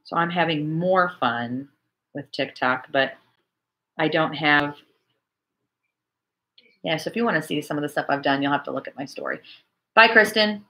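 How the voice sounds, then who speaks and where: Her deep voice moves at a moderate pace with frequent pauses as this woman in her forties hosts a casual church livestream, animatedly chatting and reading viewer comments.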